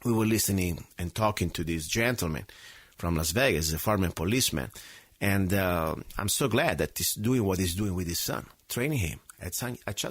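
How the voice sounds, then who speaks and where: Impassioned radio host, man, low dry voice. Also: breathy edge, dry recording. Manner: impassioned, outspoken, swings between loud emphasis and low asides. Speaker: radio talk show host. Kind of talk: solo radio monologue.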